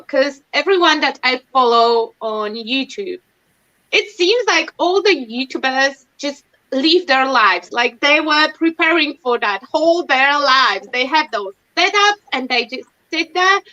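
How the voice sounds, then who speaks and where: High, bright woman chatting on a stream. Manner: chatty, self-mocking, laughs often. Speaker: livestream host. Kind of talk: casual chat. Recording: dull lo-fi stream audio.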